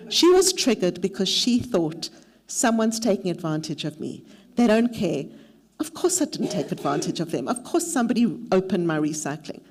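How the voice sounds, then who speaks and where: A woman's voice: lowish voice, very animated, normal speed. A middle-aged woman leading a mentorship workshop, mixing practical advice with a candid, self-deprecating personal story. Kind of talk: workshop talk with personal anecdote.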